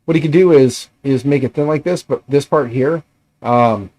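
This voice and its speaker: A man's voice: medium pitch, moderate pace, a little mellow. Man rambling on a casual livestream. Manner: rambling, thinking aloud with fillers. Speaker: livestream host. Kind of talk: casual livestream chat while tinkering.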